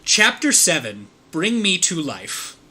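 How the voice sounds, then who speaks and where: A man's voice: on the high side, very animated, slow pace, over a noisy crowd. A man hosting a comedic read-aloud with friends, laughing often and stumbling over the text. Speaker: host reading a fanfiction aloud.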